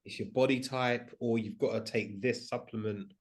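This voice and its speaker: A man's voice: mid-range voice, steady tone, moderate pace. A man hosting a podcast, asking questions in a conversational way. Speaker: podcast host. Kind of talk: casual interview chat.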